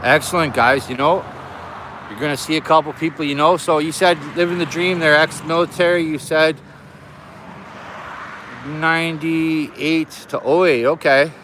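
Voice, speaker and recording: A man's voice: a little high, fairly even intonation, moderate pace, fairly bright tone. A friendly, talkative middle-aged man, live-streaming from outdoors near an air base. He greets his viewers one by one in easy, loose chat, with faint traffic behind him. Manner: chatty, greeting viewers by name.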